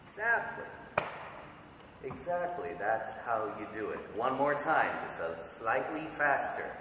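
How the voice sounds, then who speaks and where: A man's voice: medium pitch, big pitch swings, a little slow, fairly bright tone, a little hiss or hum. A man teaching a note-reading class in a church, patiently counting beats aloud and checking that everyone follows. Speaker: music teacher. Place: church hall. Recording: echoey church hall from far off.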